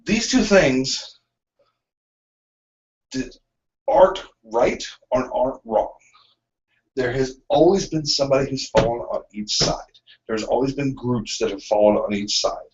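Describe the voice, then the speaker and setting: Man, casual talk, mid pitch, animated and rambling, muffled sound. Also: unhurried, pauses often. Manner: rambling, animated explainer with frequent ums. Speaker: podcast co-host. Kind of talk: casual discussion. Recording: dull lo-fi sound.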